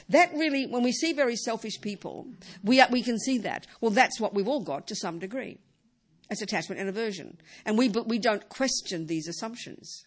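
A woman's voice: on the high side, lively intonation, normal speed. A woman teaching Buddhism in a talk, emphatic and full of rhetorical questions.

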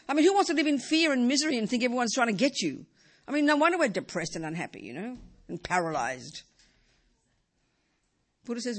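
Buddhist teacher, woman, lively and playful delivery, live hall talk. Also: a little high, fast, breathy edge. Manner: lively, joking, repeats words for emphasis.

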